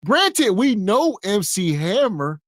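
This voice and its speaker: A man's voice: high voice, big pitch swings, takes it slowly, a bit bright, no room sound, studio quality. A man co-hosting a podcast, making wry, sarcastic jokes in reaction commentary. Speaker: podcast co-host.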